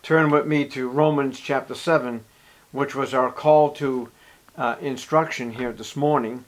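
A man preaching a sermon as pastor, reading scripture aloud and swinging between loud emphasis and hushed asides. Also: mid-range voice, fairly even intonation, unhurried.

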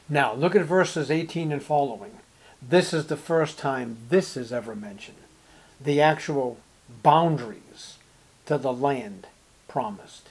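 Emphatic preacher, man, slightly high voice. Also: slightly rough. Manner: emphatic, rising to forceful highs on key words; reads scripture in King James style, asks rhetorical questions. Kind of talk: expository Bible sermon.

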